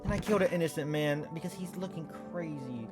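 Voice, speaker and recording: A young man giving excitable let's play commentary, swinging between yelling and mumbling. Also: fairly high pitch, quick pace, loud music behind the voice. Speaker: gaming YouTuber.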